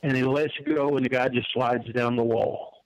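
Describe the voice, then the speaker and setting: A man's voice: mid-range voice, fairly even intonation, moderate pace, no room sound, muffled recording. An older man, telling wrestling stories in a folksy way and often repeating his words. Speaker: wrestling manager guest. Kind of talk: storytelling interview answer.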